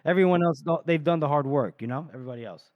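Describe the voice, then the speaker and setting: A man with a slightly high voice recaps a book scene on a podcast and slips into little put-on voices for each character. The recording is dry and close, with no room sound. His talk is loose and chatty, full of fillers. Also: fast, no room sound, phone-quality sound. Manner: retells scenes, acting out quoted lines. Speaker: podcast co-host. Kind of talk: casual book discussion.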